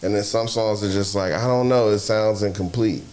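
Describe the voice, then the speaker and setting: A man hosting a casual sports talk show, loud and profane, laughing often as he talks. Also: fairly low pitch, fairly even intonation, normal speed. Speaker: podcast host. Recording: roomy echo, faint noise.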